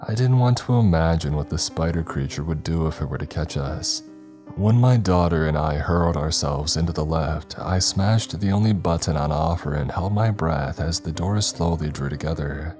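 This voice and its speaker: Guy with a super deep mellow voice reading a creepy horror story, faint music under it. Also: moderate pace. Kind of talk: scripted first-person horror narration. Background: faint background music.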